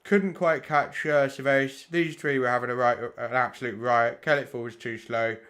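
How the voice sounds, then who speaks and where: A man's voice: mid-range voice, fairly even intonation, moderate pace, fairly bright tone. A man streaming sim racing, blunt and sweary as he talks through race replays and chats with his viewers. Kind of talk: live commentary on race replays.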